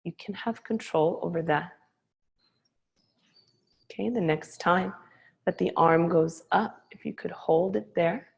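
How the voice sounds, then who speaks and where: Woman yoga teacher, really slow and soothing, kinda low gravelly voice. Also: poor audio. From Hawaii. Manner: slow, calm, soothing cues. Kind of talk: guiding a yoga class. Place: yoga studio.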